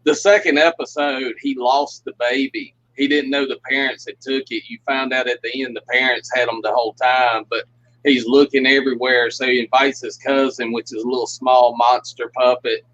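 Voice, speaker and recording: A man's voice: mid-range voice, flat delivery, moderate pace, a bit bright. A man on a livestream call, telling long folksy stories and laughing often as he goes. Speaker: guest puppeteer. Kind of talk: casual livestream chat, storytelling. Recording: muffled lo-fi audio.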